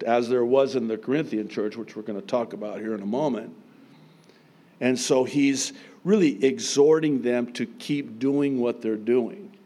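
A middle-aged male pastor preaching a sermon, emphatic and humorous, with sudden loud outbursts. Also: on the low side.

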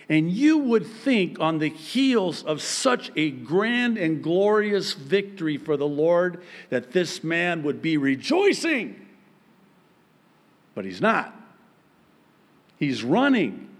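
A man preaching a sermon as pastor, telling the story in an animated way and acting out the voices of the people in it. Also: on the high side. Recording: long hall reverb.

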